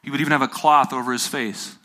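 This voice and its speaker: A man delivering a sermon to a room full of listeners. He retells the story in his own words, repeats key phrases and throws questions out to the crowd. His voice is bright and forceful, at an ordinary middle pitch. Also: steady tone, fast talker. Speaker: preacher. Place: room with a live audience.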